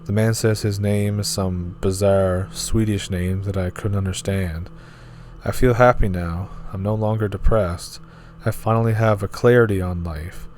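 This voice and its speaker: A man's voice: lowish voice, steady tone, moderate pace, darkish tone. A man reading scary forum stories aloud in a casual, offhand way, with asides of his own.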